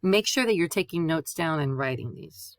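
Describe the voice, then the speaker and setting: A woman teaching a Spanish lesson, patiently spelling out letters and repeating sounds clearly. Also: low voice, animated, moderate pace, dry recording, clean studio sound. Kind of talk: classroom lesson.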